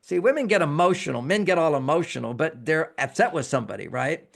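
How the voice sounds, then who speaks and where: A man's voice: a little high, fast, creaky. A man who is a relationship expert, explaining emotions in an interview and acting out example phrases. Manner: animated, acts out example phrases in quotes.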